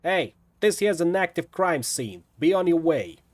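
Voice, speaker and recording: A man voicing a brash male street cop with a thick Brooklyn accent, gruff and dismissive. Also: fairly high pitch, big pitch swings, unhurried, pitched above the performer's own voice.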